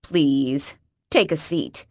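A woman voicing a kindly, soft-spoken aging male millionaire. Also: sits low, animated, unhurried, no room sound, studio quality.

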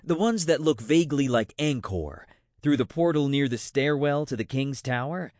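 A calm, dryly witty woman, as a male narrator plays her speaks in a raised, lightly teasing voice that rises and falls freely. The audiobook recording is dry and close. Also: medium pitch, moderate pace, no echo, close to an everyday voice. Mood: coaxing.

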